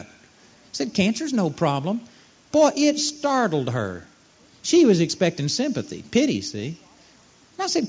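A man's voice: very high voice, huge pitch swings, moderate pace, a little mellow. A man preaching a sermon, telling stories and acting out the voices of the people in them. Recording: dull lo-fi sermon recording.

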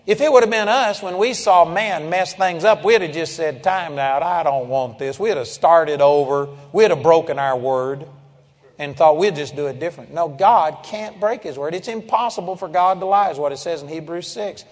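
A man preaching a sermon, emphatic, swinging between loud declarations and low, intense passages. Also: moderate pace, in a large hall.

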